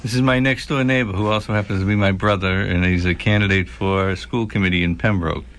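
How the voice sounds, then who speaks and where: A man's voice: sits low, steady tone, quick pace, fairly bright tone. A man who serves as a town selectman, answering plainly as a radio guest. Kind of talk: radio interview.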